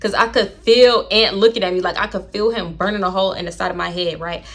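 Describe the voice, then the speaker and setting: A woman's voice: medium pitch, fairly even intonation, quick pace, a bit bright. A young woman telling a storytime to her viewers, blunt and chatty, swearing freely. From Houston, Texas. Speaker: storytime vlogger. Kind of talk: casual storytelling to camera.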